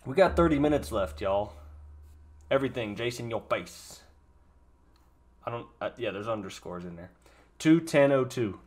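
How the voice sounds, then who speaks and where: A young man streaming his live reaction to a musical, excitable, emotional and swearing often. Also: medium pitch, normal speed, long pauses.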